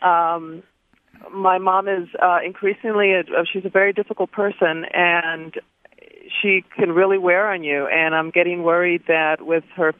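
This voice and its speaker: A man calling in to a radio show, eager and halting, with many fillers. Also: high voice, flat delivery, dry recording. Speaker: caller. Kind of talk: phone-in question. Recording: thin phone line.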